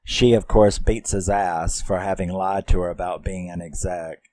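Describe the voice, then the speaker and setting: A man's voice: sits low, steady tone, normal speed, a little mellow, dry recording, poor audio. A man reviewing a film, recapping the plot in a rambling, casual way with lots of fillers and some swearing.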